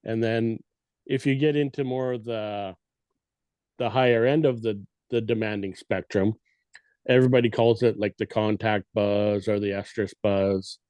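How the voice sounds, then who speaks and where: A man's voice: lowish voice, fairly even intonation, moderate pace, darkish tone, clear, resonant tone, dry recording. A man on a podcast casually explaining elk cow calls and sometimes mimicking them with his voice. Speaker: guest elk calling expert.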